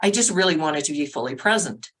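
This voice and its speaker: A middle-aged woman, a sobriety coach, telling her story as a podcast guest in a lively way, acting out the voices of others and filling her talk with "like". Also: low-pitched, fast, poor audio. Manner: animated, acts out quotes, many "like" fillers. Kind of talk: casual storytelling interview.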